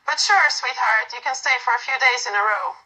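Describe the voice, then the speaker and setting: A woman voicing a fond, teasing young woman who gently comforts a friend. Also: a little high, brisk, rough recording. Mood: gentle, reassuring.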